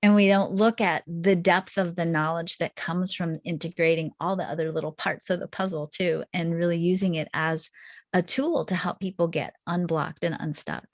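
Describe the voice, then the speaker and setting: A woman's voice: fairly low pitch, steady tone, moderate pace, dry recording. A woman hosting an interview podcast over a video call, asking questions enthusiastically with frequent restarts and affirmations. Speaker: podcast host.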